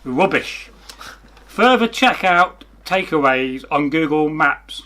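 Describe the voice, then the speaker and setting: A man's voice: a little high, lively intonation, slow pace, sharp tone. A man co-hosting a casual comment-reading chat, with a dry, mocking sense of humour. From England. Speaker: co-host.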